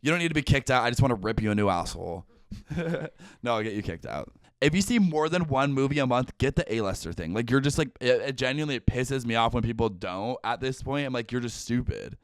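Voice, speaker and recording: A young man hosting a podcast, ranting in a casual, profane and animated way. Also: medium pitch, fast talker, clear, resonant tone, no room sound, clean studio sound. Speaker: podcast host. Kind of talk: casual comedic chat.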